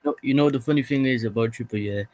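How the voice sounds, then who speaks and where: A man chatting on a stream, asking quiet, teasing questions. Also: mid-range voice, fast talker, a loud crowd. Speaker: stream co-host. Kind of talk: casual streamed chat.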